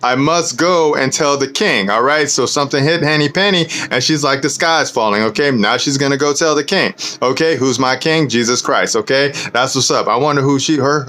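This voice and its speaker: Laid-back preachy man with a bright voice. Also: medium pitch, brisk, few pauses. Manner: laid-back, peppers talk with "man" and "okay"; preachy asides breaking into the reading. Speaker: show host. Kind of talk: casual commentary and storybook reading.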